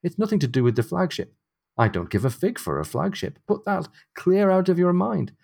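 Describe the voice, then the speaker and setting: A man reading aloud as a reserved ship's doctor, in measured, formal period speech. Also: sits high, big pitch swings, creaky, darkish tone, breathy edge, pitched above the performer's own voice, exaggerated voice. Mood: earnest.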